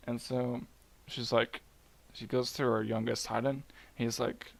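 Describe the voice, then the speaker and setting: A young man retelling a myth casually at home, muttering quietly and rambling with jokes. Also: mid-range voice, level tone, moderate pace, vocal fry. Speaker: storyteller. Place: home at night.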